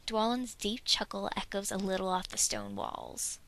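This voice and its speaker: A woman reading a fan fiction story aloud in a soft narration that drops at times to a half-whisper. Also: medium pitch, big pitch swings, normal speed, few pauses, poor audio.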